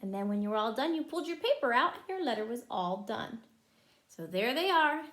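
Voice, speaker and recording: A woman teaching preschool, reading a picture book aloud to young children in an animated way and asking them questions as she goes. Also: a little high, a little fast, roomy sound.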